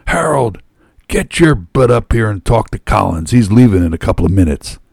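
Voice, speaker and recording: A man voicing a scowling middle-aged woman who yells in a rapid, auctioneer-like cadence. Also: lowish voice, very animated, creaky, breathy edge, dry recording, clean studio sound, pitched above the performer's own voice, full character voice. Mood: yelling.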